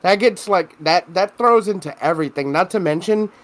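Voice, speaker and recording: A man's voice: sits high, normal speed. A man co-hosting a podcast in casual chat, telling long rambling stories with lots of swearing and fillers. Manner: rambling, profane storytelling full of fillers. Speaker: podcast co-host.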